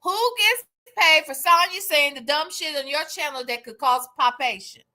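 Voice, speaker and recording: A woman's voice: sits high, normal speed, bright, forceful tone. A woman hosting a live stream, giving casual commentary in a sassy, profane and dramatic way.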